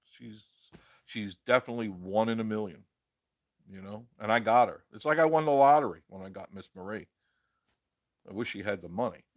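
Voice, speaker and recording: A man's voice: on the low side, brisk, pauses often, no room sound, studio quality. A man hosting a casual live stream, reading viewer comments aloud and chatting in a rambling way, laughing often.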